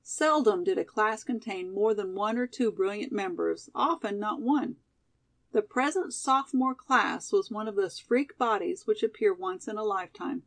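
Brief: woman narrator, steady audiobook reading, some fry in the voice. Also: medium pitch, moderate pace. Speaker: audiobook reader. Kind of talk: scripted narration of a classic novel.

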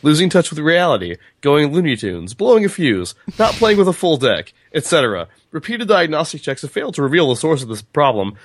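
A man's voice: a little high, big pitch swings, a little fast, hardly any pauses, a little hiss or hum, voice pushed up. A man reading aloud as a bored, insane male talking train machine.

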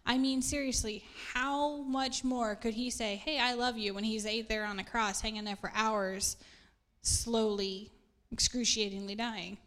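A woman's voice: a little high, fairly even intonation, a little slow, fairly bright tone. A middle-aged woman pastor, preaching a casual sermon in an earnest, chatty way and laughing at herself now and then.

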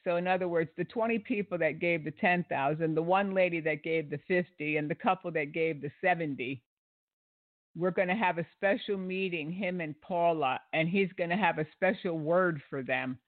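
A man with a fairly high voice picks apart a preacher's fundraising, sarcastic and indignant, full of "uh" and restarts. His audio is dry and thin, like a phone line. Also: moderate pace, dry recording. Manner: indignant and sarcastic, with many fillers. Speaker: commentator. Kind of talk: critical commentary on a sermon clip.

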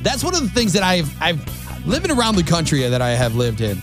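A man's voice: a little high, wildly swooping pitch, fairly quick, over music. A male radio talk show host chatting in an easygoing, casual way, with plenty of fillers.

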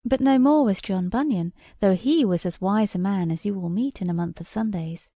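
A woman narrating a storybook in a measured, wry way as an audiobook reader. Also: mid-range voice, vocal fry, warm tone, dry recording, studio quality.

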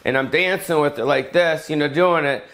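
Brief: middle-aged male comic, crude meandering weekly rant, slightly raised pitch. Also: moderate pace, fairly bright tone. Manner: profane, rambling, full of fillers. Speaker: comedian. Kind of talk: solo comedic rant.

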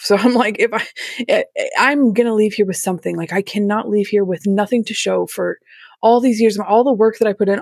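Candid woman with a gravelly voice. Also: medium pitch, darkish tone, no room sound, clean studio sound. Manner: candid, emotional storytelling with nervous laughs. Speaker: interview guest. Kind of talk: personal story told in an interview.

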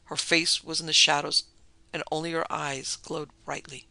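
Gravelly, bright-voiced male storyteller. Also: a little high, level tone, no room sound, low-quality recording. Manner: measured, dramatic storytelling. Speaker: narrator. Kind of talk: dramatic story narration.

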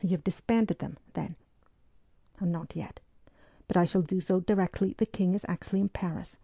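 A woman narrating a historical novel aloud, reading in a measured, even way and giving the dialogue soft voices. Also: on the low side, no echo. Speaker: audiobook narrator.

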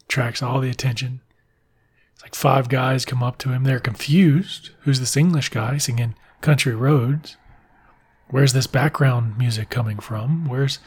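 A man tells a film's plot as a loose, profane, joking ramble. His voice is husky and slightly breathy, at an ordinary middle pitch. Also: unhurried. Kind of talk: casual film recap.

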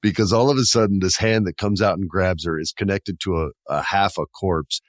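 A lower-pitched man chatting as a podcast co-host about a horror film. He tells the story with animated energy and jumps into exaggerated voices for the characters. The sound is dry and close. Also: a little fast, no echo. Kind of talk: casual chat.

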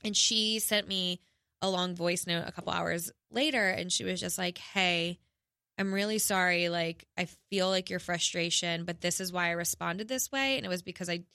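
A woman's voice: lowish voice, steady tone, moderate pace, gravelly, bright, forceful tone, clear, resonant tone, dry recording, clean studio sound. A young woman telling a personal story in a casual podcast chat, candid and emotional, with many fillers.

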